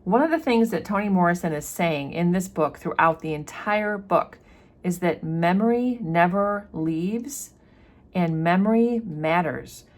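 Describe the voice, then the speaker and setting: Lady teacher talking thru a novel chapter, casual and explain-y, kinda low voice. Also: expressive, unhurried. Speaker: literature teacher. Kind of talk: chapter-by-chapter book commentary.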